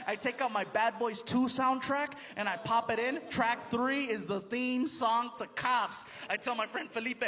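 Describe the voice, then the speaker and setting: A man doing stand-up storytelling, animated and quick, slipping into voices and impressions, on a large theater stage. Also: very high-pitched. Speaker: stand-up comedian. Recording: live hall recording with audience ambience.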